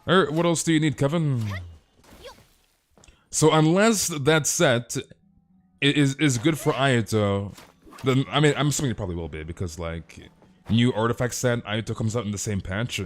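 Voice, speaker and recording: A man casually chatting with viewers on a live game stream, emphatic and ranting, stammering through quick restarts and tossing in "dude". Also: medium pitch, slight background noise. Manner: emphatic, ranting, peppered with "dude" and mild swearing. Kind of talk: casual live-stream chat while gaming.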